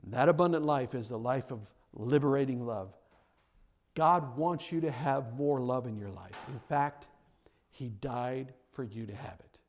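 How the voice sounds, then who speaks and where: A man preaching a sermon, telling a story and acting out its people, with repeated stammers, rising loud on key lines and dropping low. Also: a little slow. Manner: impassioned, swells loud on key lines then drops low.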